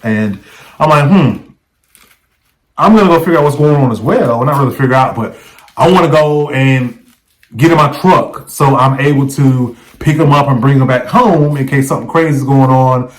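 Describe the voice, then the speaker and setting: A man with a medium-pitched voice speaks at a normal speed in a low-quality recording. He's vlogging, telling a story in a casual, conversational first-person way and often checking in with the viewer.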